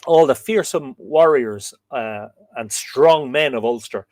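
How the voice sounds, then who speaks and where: A middle-aged Irish man hosting a live stream, reading out viewer comments in a hesitant, thinking-aloud way with many pauses and fillers. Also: mid-range voice, darkish tone. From Ireland. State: dry throat, coughing. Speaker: host of a live myth reading show.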